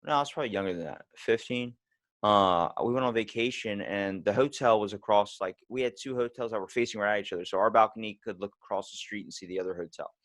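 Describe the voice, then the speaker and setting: Podcast host, male, lowish voice, animated casual storyteller, dry close mic. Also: fast, no echo. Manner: animated storyteller, swears freely. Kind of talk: casual chat.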